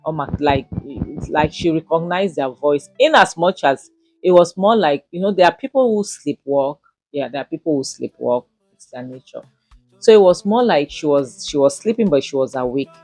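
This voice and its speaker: A woman's voice: low-pitched, lively intonation, normal speed, darkish tone, no echo, faint music behind. A Nigerian woman recapping and reviewing a drama episode in a casual, rambling way, with many fillers. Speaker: series reviewer.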